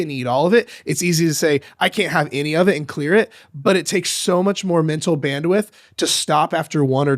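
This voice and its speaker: A man hosting a podcast, talking loosely with many fillers and restarts. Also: on the high side. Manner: loose, filler-heavy talk. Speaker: podcast host, diet coach. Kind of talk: casual podcast chat.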